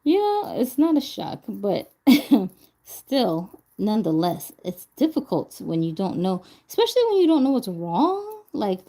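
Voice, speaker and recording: A woman's voice: on the high side, dark tone. A woman vlogger chatting casually as she crafts, laughing often and talking to herself while she recovers from a stroke. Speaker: doll vlogger.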